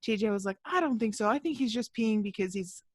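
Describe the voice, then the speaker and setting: A woman's voice: medium pitch, lively intonation, brisk, no room sound. A young woman co-hosting a podcast, chatting casually over a video call, with many fillers and frequent laughs. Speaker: podcast co-host. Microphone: video call mic.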